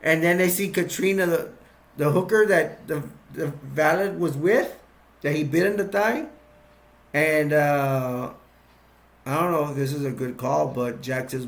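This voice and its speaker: A man casually retelling a movie plot, rambling and excitable, with restarts and sound effects. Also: fairly high pitch, moderate pace. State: sugar-boosted, energetic. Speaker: movie recap vlogger.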